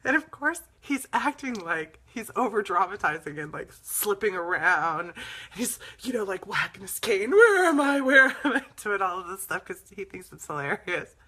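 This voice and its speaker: A woman's voice: medium pitch, lively intonation, moderate pace, sharp tone, husky. A woman host telling stories in a casual, chatty way, laughing often as she talks. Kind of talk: casual storytelling chat.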